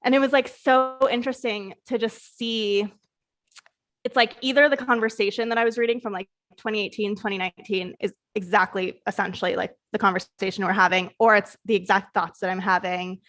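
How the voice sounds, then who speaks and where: A woman's voice: mid-range voice, fairly even intonation, a little fast, a bit bright. A woman co-hosting a podcast in casual chat, rambling and reflective, with frequent "like" fillers. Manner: rambling, many "like" fillers, laughs easily. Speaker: podcast co-host.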